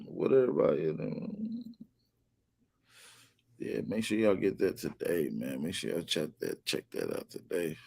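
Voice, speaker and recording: A man's voice: very deep voice, big pitch swings, normal speed, vocal fry, long pauses, darkish tone. Slangy man hosting a casual livestream. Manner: slangy, reads out and greets chat viewers; plugs merch with repeated calls to shop. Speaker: livestream host.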